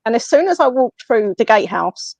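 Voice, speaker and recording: A woman with an English accent, a guest on a podcast, telling a personal story in a casual, animated way and acting out what others said. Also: on the high side, brisk, no echo. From England. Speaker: guest, medium and paranormal investigator. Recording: slightly muffled, dry lo-fi audio.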